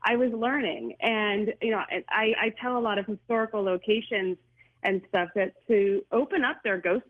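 A woman guest on a call-in radio show, talking earnestly about ghosts with frequent small laughs and restarts. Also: medium pitch. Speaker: paranormal guest. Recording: phone-like narrow band.

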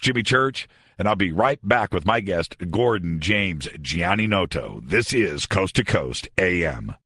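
A man's voice: low voice, fairly bright tone, husky, no echo. A man hosting a late-night radio talk show, delivering a sarcastic, conversational monologue from a studio.

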